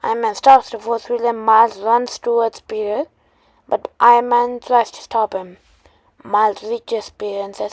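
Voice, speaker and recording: A woman retelling a made-up superhero story, halting often with restarts and fillers. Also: a little high, flat delivery, darkish tone, dry recording.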